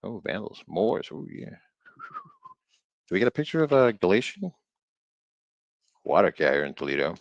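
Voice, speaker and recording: Deep and sing-song, this man's voice comes through lo-fi with no room sound as he streams himself reading an old book. The reading is halting and full of stumbles, broken up by joking tangents.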